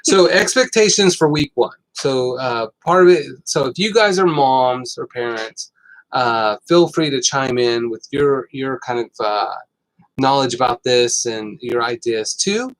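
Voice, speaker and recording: A middle-aged man hosting a casual health talk, telling stories with lots of fillers and getting animated. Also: medium pitch, measured pace, low-quality recording. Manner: rambling, animated storytelling with fillers. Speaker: host.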